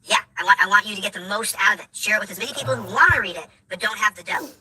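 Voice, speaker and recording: Fast-talking man ranting. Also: sits high, pushed and bright, husky, poor audio. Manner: fast, repetitive, emphatic ranting. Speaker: video commentator. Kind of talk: ranting commentary.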